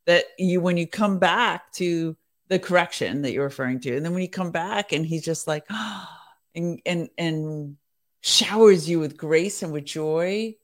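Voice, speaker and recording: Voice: medium pitch, moderate pace. A co-host in a casual faith chat who reads passages aloud and talks in an earnest way, with light laughter.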